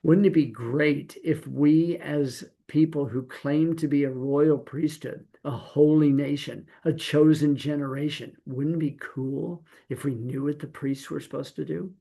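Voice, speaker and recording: Middle-aged male Torah teacher, gravelly, animated sermon delivery, slips into quoted voices. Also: fairly high pitch, measured pace, few pauses.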